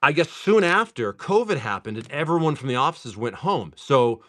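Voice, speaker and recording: Speaking at a moderate pace with a medium pitch, this man sells cards on a livestream and shares a long, easygoing story while opening packs. He's talkative and lively, with "dude" and "like" cropping up often.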